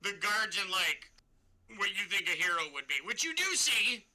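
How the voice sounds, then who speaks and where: A man with a high, very bright voice narrates as game master. He rambles through his scene descriptions, stopping and restarting with plenty of fillers. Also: expressive, moderate pace, rough recording.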